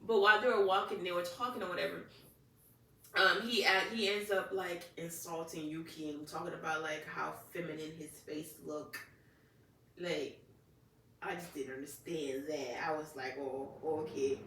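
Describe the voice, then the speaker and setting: A woman casually recapping anime episodes in a chatty, animated way, acting out the characters and exclaiming "child.". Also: on the low side, normal speed, a little hiss or hum. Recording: echoey room, distant mic.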